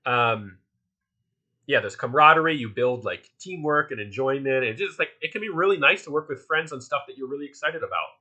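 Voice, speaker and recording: A man's voice: mid-range voice, expressive, brisk, pushed and bright. A man with a Philadelphia accent teaching a casual online workshop, chatty and loose, with lots of fillers and restarts. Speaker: workshop instructor.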